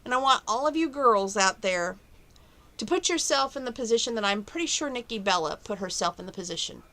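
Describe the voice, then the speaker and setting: A woman's voice: fairly high pitch, animated, brisk, bright, forceful tone. A woman chatting to camera from her bedroom at home, rambling and opinionated about relationships and her plans. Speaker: vlogger. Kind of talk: casual chat to camera.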